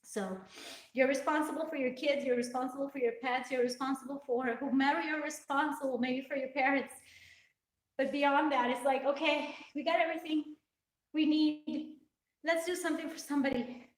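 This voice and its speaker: A tearful woman talks straight to her live-stream viewers, earnest and rambling, her high voice full of emotion. She sounds a little away from the mic in a roomy, echoing space. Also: fairly even intonation, moderate pace, far from the mic. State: tearful, crying. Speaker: fitness vlogger hosting a livestream.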